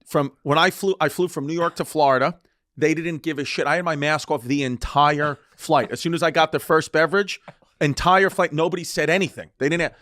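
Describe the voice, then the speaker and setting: A man's voice: on the high side, brisk, a bit bright, dry recording, clean studio sound. A man co-hosting a podcast, telling rambling, swearing anecdotes in casual comedic chat. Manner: rambling, swearing, restarts, laughing retellings. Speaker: podcast co-host.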